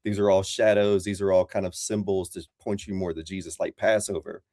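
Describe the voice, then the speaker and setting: A man's voice: low-pitched, flat delivery, fairly quick, dark tone, no echo, studio quality. A man calling in as a Christian, talking in a casual, rambling way full of fillers. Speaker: Christian caller. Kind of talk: casual debate chat.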